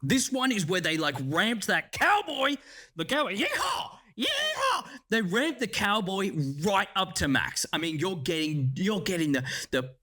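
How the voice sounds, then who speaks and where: A man giving a casual spoken review of a series, animated and excitable, swearing freely as he talks. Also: high-pitched, moderate pace, hardly any pauses. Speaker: show reviewer.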